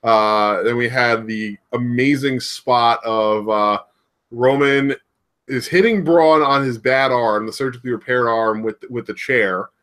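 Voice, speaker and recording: A man's voice: mid-range voice, measured pace. A man co-hosting a casual wrestling podcast, recapping a match in a rambling way with lots of fillers and restarts, laughing now and then. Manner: laughs often, acts out quoted shouts. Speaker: podcast co-host.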